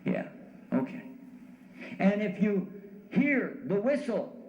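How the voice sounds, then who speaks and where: A man's voice: sits high, sing-song, slow pace, roomy sound, muffled recording, background noise, pitched above the performer's own voice, full character voice. A man voicing an earnest man who urgently pleads with someone to get off the tracks. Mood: pleading.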